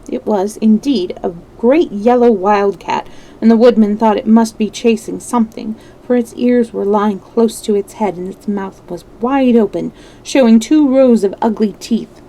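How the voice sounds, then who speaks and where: A woman reading a children's book aloud in a gentle way, now and then correcting a slip. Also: mid-range voice, poor audio. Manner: gentle, with small slips and self-corrections. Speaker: storyteller.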